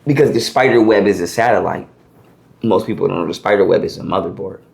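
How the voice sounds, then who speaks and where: A man being interviewed, talking in a loose, profane, animated way as he lays out his ideas. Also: sits low, quick pace, vocal fry. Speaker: interview guest. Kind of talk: casual conversational interview.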